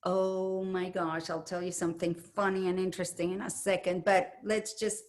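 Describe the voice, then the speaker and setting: A woman leading a meditation group, speaking in a slow, soothing and affirming way as she responds to participants. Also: on the low side, flat delivery. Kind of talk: gentle guided group sharing.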